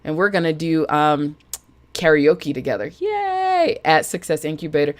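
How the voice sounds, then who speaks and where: A woman hosting a casual live stream as a budget coach, chatty and animated, greeting viewers by name. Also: low-pitched, moderate pace.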